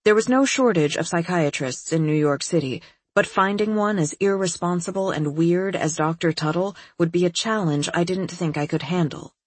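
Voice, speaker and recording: A woman with a husky voice reading a first-person novel in a wry, detached manner. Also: lowish voice, normal speed, no echo. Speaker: audiobook narrator. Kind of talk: scripted first-person narration.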